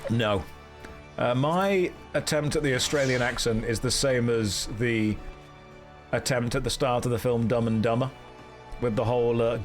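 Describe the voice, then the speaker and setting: A man streaming a video game, chatting casually with dry, deadpan jokes. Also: mid-range voice, normal speed, soft background music.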